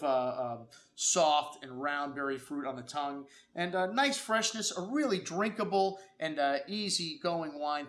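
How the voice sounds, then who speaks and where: A man's voice: a little high, a bit bright. A man hosting a casual wine review, chatty and enthusiastic, with many fillers. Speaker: wine shop host. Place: wine shop.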